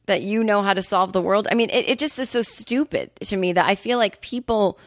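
A woman's voice: medium pitch, brisk, dry recording, clean studio sound. A woman hosting a podcast, ranting in a casual monologue, swearing freely and acting out quotes. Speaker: podcast host.

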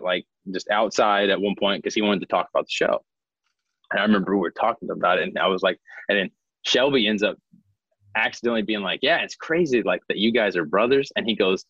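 Low-voiced young man telling stories. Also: a bit bright, husky, dry recording, highs cut off. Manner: chatty storyteller who acts out quoted dialogue. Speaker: actor interviewed about a show. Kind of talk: casual interview chat.

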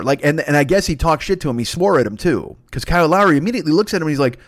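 A man hosting a solo comedy podcast, ranting in a profane, exasperated way that climbs into high indignant bursts. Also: big pitch swings, quick pace, dry recording, clean studio sound. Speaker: podcast host.

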